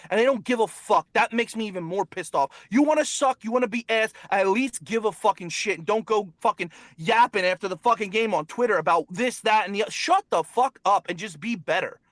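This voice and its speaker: Ranting high-voiced man, profane. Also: fairly bright tone, no room sound. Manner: angry, profane, repetitive ranting. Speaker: sports show host. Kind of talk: heated sports talk rant.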